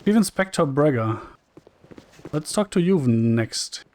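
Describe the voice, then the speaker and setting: A man's voice: on the high side, takes it slowly. A man casually commenting on a role-playing game, reading the dialogue aloud in a wry, chatty way. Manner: wry and chatty, reads lines flatly and jokes.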